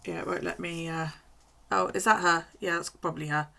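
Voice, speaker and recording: A woman's voice: lowish voice, steady tone, brisk, creaky, sharp tone. A woman streamer chatting casually and rambling, with frequent swearing, during a live stream from home.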